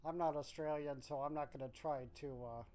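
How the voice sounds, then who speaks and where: A man streaming a game, reading chat aloud in a laid-back, drawn-out way, thinking aloud with restarts. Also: fairly high pitch, mellow, a little hiss or hum.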